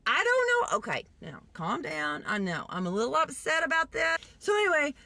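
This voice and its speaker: A woman from Texas telling a story in a vlog, in an animated, indignant way with acted-out quotes. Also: high voice, a little fast. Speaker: vlogger.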